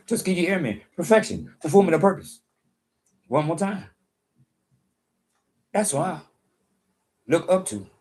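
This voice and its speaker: A man's voice: on the high side, a little mellow. An American man giving a casual monologue commentary, preachy and boastful, who keeps repeating himself for emphasis. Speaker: online commentator.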